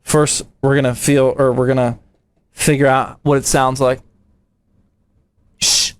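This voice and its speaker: A man's voice: medium pitch, little pitch movement, normal speed, clean tone. A young man from the United States, a PC building streamer, chatting casually with his live chat in a slangy, playful way.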